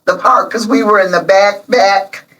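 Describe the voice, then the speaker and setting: A woman in her seventies, guest on an interview, telling stories warmly and emotionally with many pauses. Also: medium pitch, steady tone, far from the mic, poor audio. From Illinois, USA. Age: 70s. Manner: emotional, storytelling, many ums. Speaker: interview guest, local alderman. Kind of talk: casual interview chat.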